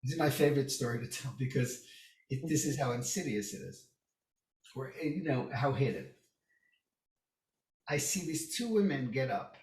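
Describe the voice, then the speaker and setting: A man's voice: mid-range voice, moderate pace, long pauses. A man guest in a casual podcast chat, telling stories with energy and acting out the voices of people he quotes. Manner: animated, acts out quoted voices. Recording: roomy echo, distant mic.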